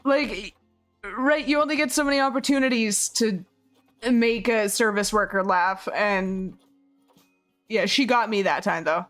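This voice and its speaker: A hoarse woman streamer chatting casually with her viewers, rambling, laughing often and swearing freely. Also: mid-range voice, a little slow, a bit bright, faint music behind. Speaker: game streamer. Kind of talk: casual chat with viewers while building.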